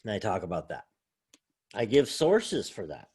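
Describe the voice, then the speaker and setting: Man, college professor, recorded online lecture, casual, rambling, thinks aloud, lowish voice. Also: big pitch swings, moderate pace, darkish tone, breathy edge.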